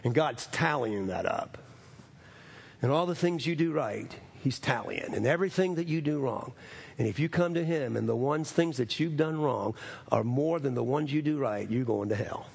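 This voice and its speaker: A middle-aged man preaching a sermon as pastor, swinging between raised, emphatic lines and low, drawn-out phrases. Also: animated, creaky, breathy edge.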